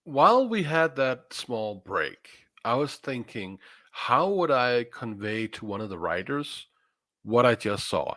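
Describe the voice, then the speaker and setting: Guy guesting on a review chat, talks slow, pitch jumps around a lot. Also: very animated, fairly bright tone, no echo, clean studio sound.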